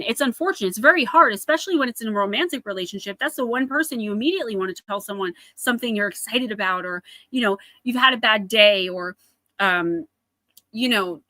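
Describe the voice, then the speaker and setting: A woman with a New Jersey accent gives a live oracle card reading in a slightly high, very bright voice. She talks to her viewers in a chatty way and often calls them by name. The sound is dry and close, with no room echo.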